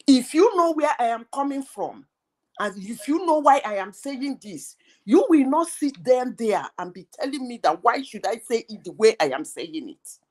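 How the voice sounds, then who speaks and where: An emphatic woman holding the floor in a heated live debate. Her voice sits high and swings widely as she presses one rhetorical question after another. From Nigeria.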